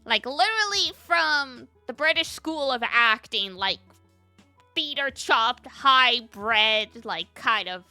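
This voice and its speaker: High, lively woman streamer chatting. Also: slow, no room sound, faint music behind. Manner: chatty, laughs often, reads and answers chat. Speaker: game streamer. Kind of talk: casual stream chat while playing.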